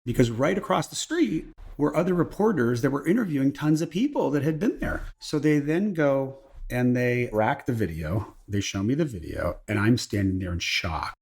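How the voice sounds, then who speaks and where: Gravelly, husky man telling a story. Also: mid-range voice, moderate pace, few pauses. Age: middle-aged. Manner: animated anecdote-telling, acting out quoted voices. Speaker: interview guest. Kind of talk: casual storytelling.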